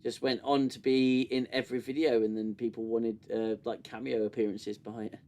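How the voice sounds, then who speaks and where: A man's voice: medium pitch, little pitch movement, normal speed, dark tone. A British man hosting a casual livestream and reviewing a show, rambling with many fillers and restarts into a desk mic. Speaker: livestream host.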